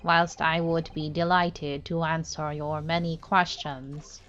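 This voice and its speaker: A woman voicing a kooky male video game villain in a slow, low, robot-like voice, over faint game music. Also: flat delivery, fairly bright tone. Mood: smug. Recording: dull lo-fi recording.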